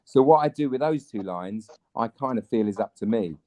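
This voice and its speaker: A man, an actor chatting as a guest and telling animated anecdotes. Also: mid-range voice, normal speed, no room sound, poor audio. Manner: animated storyteller, mimics other people. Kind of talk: casual chat, anecdotes.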